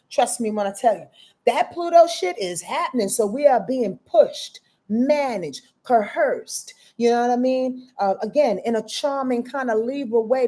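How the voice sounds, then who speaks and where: Animated, profane woman astrologer. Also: a little high. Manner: animated, emphatic and profane, talking straight to viewers. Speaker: astrology reader and host. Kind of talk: live-stream casual talk.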